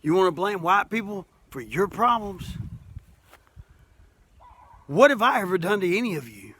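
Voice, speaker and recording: Casting: middle-aged Alabama working man, folksy and emphatic monologue, bright forceful voice. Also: sits high, big pitch swings, moderate pace. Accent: Southern US, Alabama. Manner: folksy, plainspoken, repeats himself, rising to emphatic. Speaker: masonry worker speaking to camera. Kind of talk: impassioned monologue to camera.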